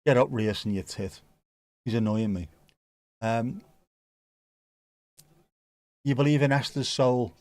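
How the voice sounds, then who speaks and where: A man's voice: mid-range voice, slow pace, pauses often, darkish tone, no room sound. A man casually commenting on a football match for a live watchalong, joking and reading out viewer comments. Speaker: watchalong host.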